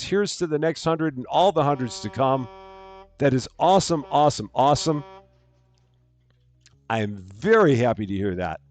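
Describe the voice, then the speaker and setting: A man casually chatting on a live game stream, reading chat aloud and greeting viewers while projecting a bit louder than normal from his room. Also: medium pitch, lively intonation, normal speed, long pauses, faint music behind. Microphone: headphones on, desk mic.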